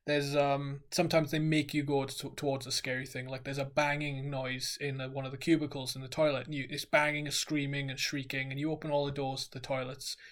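A man co-hosting a casual podcast, telling animated stories and acting out sounds. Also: medium pitch, a little fast, few pauses. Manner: animated storyteller, acts out sounds. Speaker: podcast co-host. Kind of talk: casual chat.

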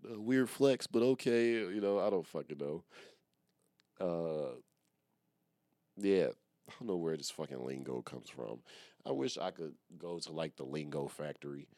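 Deep-voiced rambling young man podcaster. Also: lively intonation, a little slow, pauses often, warm tone, dry recording, clean studio sound. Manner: rambling, profane and self-mocking. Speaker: podcast host. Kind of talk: casual solo podcast monologue.

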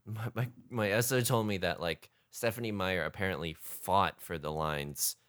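A woman's voice: rumbling low, moderate pace. A woman chatting casually about a film as a podcast co-host, rambling with many fillers and restarts. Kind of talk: casual movie chat.

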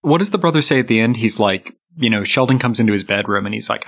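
Gravelly, husky young man. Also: on the low side, expressive, fast, a bit bright. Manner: laid-back, retelling scenes. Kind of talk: casual comedic chat.

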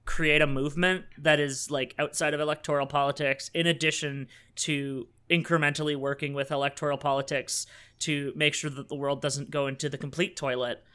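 A man from Canada with a high, bright, tense voice, chatting on a podcast. He explains things earnestly and drops dry asides. The talk is loose and conversational. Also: level tone, a little fast, clean tone. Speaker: podcast co-host. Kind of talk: casual chat.

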